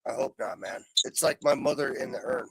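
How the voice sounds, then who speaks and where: Gravelly, lively American man swearing. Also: on the high side, fairly quick. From United States. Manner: blunt, swears often. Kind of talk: casual crude banter.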